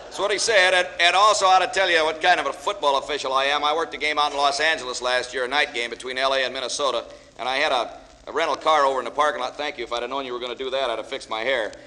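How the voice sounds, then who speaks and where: Male after-dinner speaker, fast folksy joke-teller, reverberant hall recording. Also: medium pitch, fairly even intonation, bright, forceful tone. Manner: folksy storyteller, joking with audience. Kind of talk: humorous speech with jokes. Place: large banquet hall with audience. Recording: echoey hall, faint hiss.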